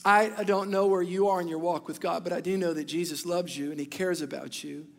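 High-voiced preacher in a reverberant hall. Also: male voice, fairly even intonation, a little fast, vocal fry. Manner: fervent, rising to shouts; repeats short declarations. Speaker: pastor. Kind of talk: sermon.

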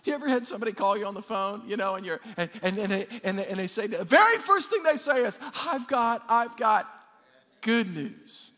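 A man preaching a sermon, lively and repetitive, calling on the congregation to answer back. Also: high-pitched, fast, few pauses, long reverb tail. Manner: animated, repeats words, calls on congregation to respond. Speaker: pastor.

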